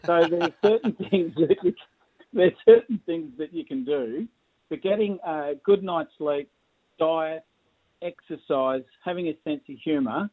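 An Australian man speaks as a guest consultant, spinning jokey stories and laughing at his own lines. His voice sits a little high. It comes through a thin, phone-like line. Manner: jokey, chuckling storyteller. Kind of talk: casual interview storytelling.

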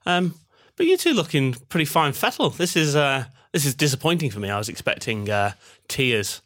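A man's voice: mid-range voice, big pitch swings, moderate pace, a bit bright, dry recording, studio quality. A man hosting a casual sports betting podcast, rambling and self-deprecating with lots of ums. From Manchester, England. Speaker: podcast host.

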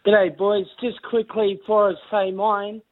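A man calling into a radio show, quick and chatty. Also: high-pitched, level tone. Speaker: caller. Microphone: phone call. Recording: tinny phone line.

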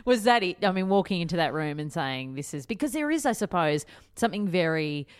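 Low-voiced woman interviewer. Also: very animated, fairly quick, smooth. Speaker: interviewer, podcast host. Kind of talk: casual conversational interview.

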